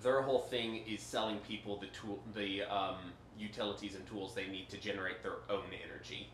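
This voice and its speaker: A man narrating as game master, slow and hesitant with many pauses. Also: fairly low pitch, steady tone, a bit bright. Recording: echoey room, faint noise.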